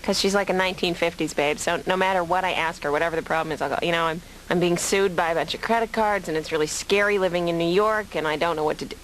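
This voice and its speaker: A woman's voice: on the low side, fast talker, few pauses, a little hiss or hum, close to an everyday voice, low-quality recording. An actress voicing a stand-up comedian, a woman, who tells self-mocking jokes to her therapist and acts out little voices. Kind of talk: deadpan stand-up monologue in therapy.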